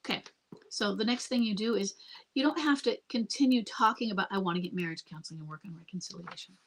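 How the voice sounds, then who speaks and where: A middle-aged woman with a husky, slightly breathy voice answers a viewer's question in a live Q&A. She speaks calmly and earnestly and circles back to repeat her points, like a coach talking one person through a hard time. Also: mid-range voice, quick pace. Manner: calm, earnest, repeats herself. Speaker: marriage coach. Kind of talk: live Q&A advice.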